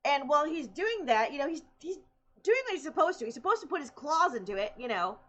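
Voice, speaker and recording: A woman's voice: high-pitched, big pitch swings, fast talker, a bit bright, lo-fi sound. A young woman streamer in casual chat, chatty and laughing often as she tells stories.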